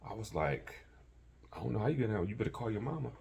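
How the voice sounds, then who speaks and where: A man casually telling a personal story, animated and acting out the voices of people he quotes. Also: lowish voice, fast talker, creaky.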